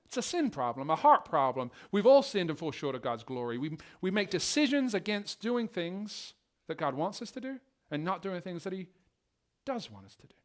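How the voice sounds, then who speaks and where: A man's voice: high-pitched, normal speed. A male pastor preaching a sermon and telling stories, acting out the scenes as he goes. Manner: animated storytelling, acting out scenes.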